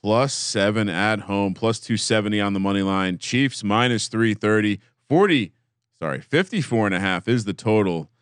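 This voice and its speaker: A man's voice: fairly low pitch, animated, normal speed, smooth, no echo, studio quality. Wry man reading betting lines. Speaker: sports betting show host. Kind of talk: casual sports betting chat.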